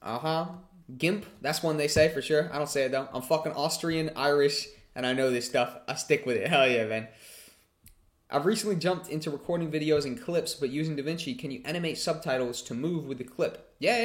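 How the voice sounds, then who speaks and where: A man's voice: fairly high pitch, fast talker. A man hosting a casual livestream Q&A. He reads chat questions aloud and answers them in a chatty way, swearing freely.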